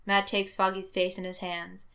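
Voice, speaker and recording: A woman narrating a story aloud with a lively, expressive reading. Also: mid-range voice, moderate pace. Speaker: reader. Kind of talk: audiobook narration of fan fiction.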